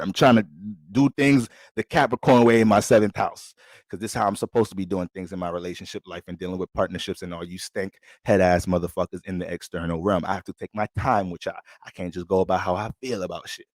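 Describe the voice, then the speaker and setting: A low-voiced man reads an astrology forecast for a sign in a casual, blunt, streetwise way, swearing constantly. He talks fast with a steady tone, and the recording is dry and close with no room echo.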